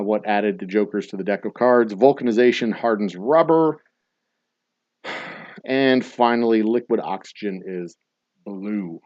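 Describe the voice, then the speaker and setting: This trivia host speaks with a fairly low pitch and darkish tone, reading answers at a casual quiz night before wandering off into dad jokes and tangents. His manner is playful and rambling. The sound is dry, dull, and lo-fi.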